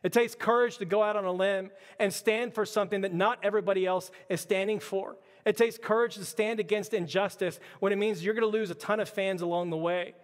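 A man's voice: high voice, fairly even intonation, a little fast, few pauses, long reverb tail. A man preaching a sermon in a church, driving his point home with repeated rhetorical questions. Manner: impassioned, repetitive rhetorical questions. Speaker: pastor.

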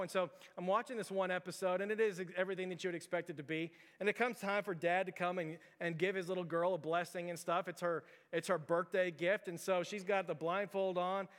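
A man preaching a sermon as pastor, casual and animated, telling stories with lots of "like" to his church. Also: sits high. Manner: conversational, animated, storytelling with lots of "like". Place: church sanctuary. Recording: long hall reverb.

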